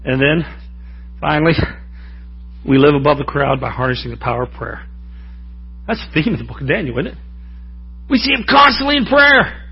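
A man's voice: on the high side, lively intonation, fairly quick, long pauses, slightly rough, highs cut off. A man preaching a sermon in a folksy, joking way, often calling out to the congregation for an amen. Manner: folksy, joking, asks the crowd for amens.

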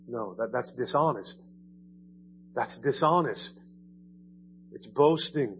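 A man's voice: mid-range voice, measured pace, pauses often, highs cut off, a little hiss or hum. A man preaching a sermon in a church in a conversational way, often asking "right?" and repeating his words. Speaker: pastor. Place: church sanctuary.

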